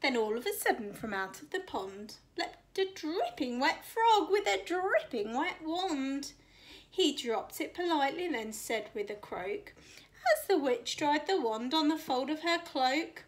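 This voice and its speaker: A woman's voice: high-pitched, lively intonation, slow. A woman teacher reading a rhyming picture book aloud to children, with a sing-song rhythm. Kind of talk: expressive storybook read-aloud.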